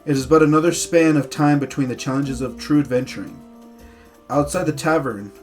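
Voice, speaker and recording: A man's voice: medium pitch, darkish tone. A young man narrating a tabletop game as game master, reading scene text with small stumbles.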